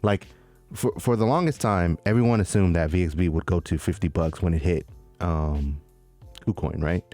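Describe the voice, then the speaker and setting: A fairly low-pitched man talking casually as a podcast co-host. He is animated and slangy and keeps calling people "man" and "dude". Faint music plays underneath. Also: normal speed. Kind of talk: casual chat.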